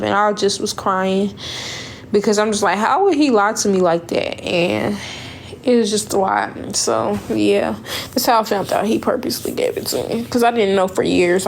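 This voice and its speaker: A woman's voice: medium pitch, a little hiss or hum. A young woman, talking casually and emotionally in a storytime vlog, rambling and repeating her words. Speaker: vlogger.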